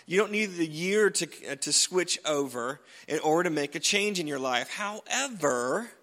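A man's voice: high voice, a bit bright, in a large hall. A man preaching a sermon as pastor, chatty and jokey, often restarting his sentences.

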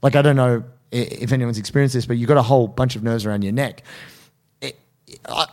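A man co-hosting a podcast, telling a story in casual chat and acting out quotes in a higher voice. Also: fast. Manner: animated, acts out quotes in high voices. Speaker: podcast co-host.

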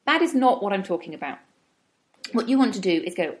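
A middle-aged woman talks through ideas at an easy teaching pace. She sounds thoughtful and measured, and now and then slips into little acted inner-voice asides. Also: medium pitch, big pitch swings. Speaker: wellbeing speaker. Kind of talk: reflective teaching talk.

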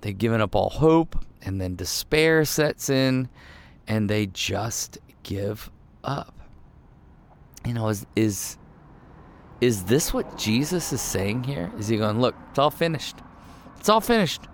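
A man's voice: on the low side, animated, slow, a little hiss or hum. A male pastor giving a casual, conversational sermon, self-deprecating and full of fillers and restarts.

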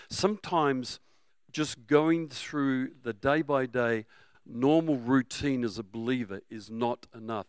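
A middle-aged Australian man preaching a sermon, energetic and humorous, sometimes breaking into shouts. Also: medium pitch, moderate pace, clean tone, no room sound. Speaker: pastor.

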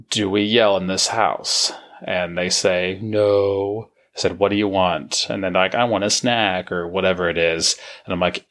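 Low-voiced man, relaxed podcast host. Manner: plain-spoken, relaxed, with many fillers. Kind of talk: casual recovery podcast talk.

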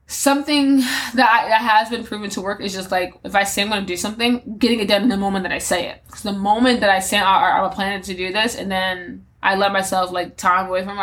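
A woman's voice: medium pitch, fairly bright tone. Candid young woman rambling through her goals. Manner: candid and rambling, many fillers and restarts. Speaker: podcast host. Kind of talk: solo reflective podcast monologue.

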